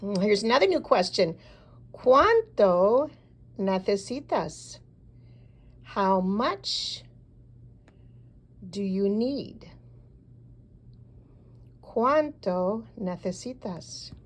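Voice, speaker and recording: A woman teaching a recorded beginner language lesson, modeling short phrases slowly and pausing so learners can repeat. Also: mid-range voice, big pitch swings. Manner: slow, deliberate model phrases with pauses for repeating. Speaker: Spanish teacher.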